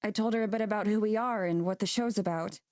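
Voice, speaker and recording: A hesitant young video maker voiced by a woman in a visual novel, often trailing off mid-thought. Her middle-pitched voice is recorded dry and close, with no room sound. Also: fast talker, darkish tone, no echo, natural voice.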